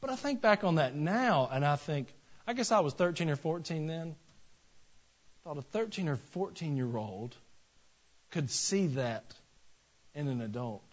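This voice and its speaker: A man preaches a sermon to his congregation, talking to them plainly and folksily before pressing his points with rising emphasis. His voice sits a little higher than most men's. The recording sounds slightly dull and lo-fi. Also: big pitch swings, unhurried, long pauses. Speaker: pastor.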